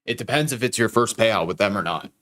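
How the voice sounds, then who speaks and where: A young man with a low voice hosts a live trading stream. He talks casually and swears now and then while he walks his viewers through a trade. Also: lively intonation, quick pace, a bit bright. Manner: casual and profane, explains trades to chat. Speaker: livestream trading host. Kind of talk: casual livestream chat.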